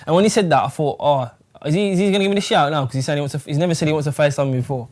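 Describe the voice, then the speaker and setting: A man's voice: a little high, rapid-fire, a little mellow. A young man from England, chatting casually in an interview, rambling with plenty of fillers and swearing. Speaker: fighter.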